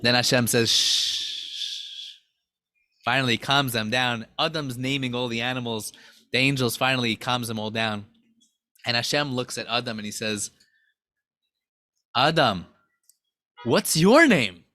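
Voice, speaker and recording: Bright, excited male Torah teacher. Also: mid-range voice, a little fast, dry recording, studio quality. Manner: excited, dramatic retelling. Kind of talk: animated Torah class storytelling.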